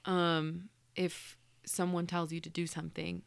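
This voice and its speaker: A woman's voice: fairly low pitch, flat delivery, a little slow, gravelly, smooth. A woman co-hosting a casual faith podcast, speaking in an earnest, reflective way. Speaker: podcast co-host.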